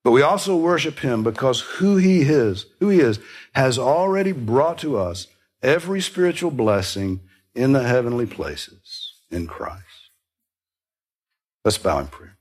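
A man preaching a sermon, explaining scripture in an earnest teaching manner with small restarts and soft laughs. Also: mid-range voice, big pitch swings, moderate pace. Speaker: pastor.

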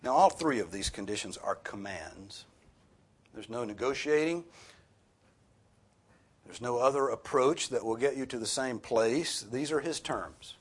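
A man's voice: mid-range voice, expressive, unhurried, pauses often, husky. A man preaching a sermon as pastor, earnest and rising sharply for emphasis on key points.

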